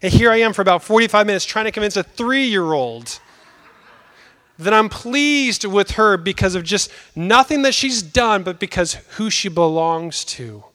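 A young adult man preaching a sermon in a conversational, emphatic way with dramatic pauses. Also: high voice, pushed and bright.

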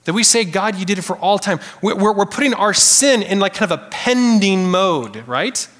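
A man preaching a sermon in a church sanctuary, animated and conversational, calling out to the congregation. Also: high voice, normal speed, big-room sound. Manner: animated, conversational preaching with audience call-outs. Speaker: pastor.

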